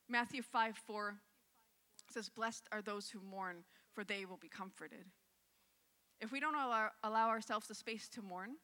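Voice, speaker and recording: Bright-voiced woman preaching in a hall. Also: medium pitch. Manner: reads scripture then reflects conversationally. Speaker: pastor. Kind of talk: sermon.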